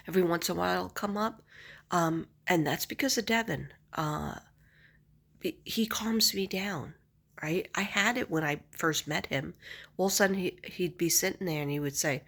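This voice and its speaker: Husky-voiced woman in rambling chat. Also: sits low, a bit bright. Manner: chatty, rambling, laughs often. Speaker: vlogger. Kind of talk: casual chat to camera.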